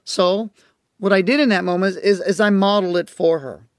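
A man's voice: sits high, fairly even intonation, clean tone, dry recording, clean studio sound. A man speaking about parenting, telling stories earnestly and with emphasis, and acting out the parents and children in them. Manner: acts out quoted parents and children in his stories; earnest, emphatic, slows down on key points. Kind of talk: storytelling talk to a listener.

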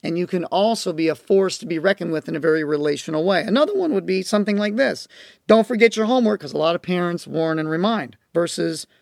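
High gravelly-voiced male parenting coach. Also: fast talker, hardly any pauses, no room sound, studio quality. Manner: emphatic, repeats key phrases. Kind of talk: instructional talk to parents.

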